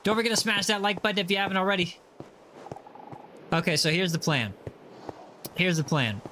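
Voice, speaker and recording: A man hosting a relaxed gaming livestream, chatting casually and teasing viewers as he reads their messages aloud. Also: high voice, brisk, a little hiss or hum. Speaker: livestream host. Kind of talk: casual chat while gaming.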